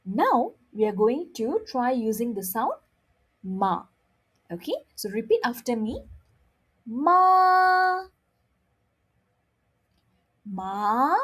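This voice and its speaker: A woman's voice: a little high, a little mellow, slightly rough. A woman teaching a language lesson, patiently demonstrating sounds and often checking in with "okay?". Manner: demonstrates sounds by drilling syllables aloud.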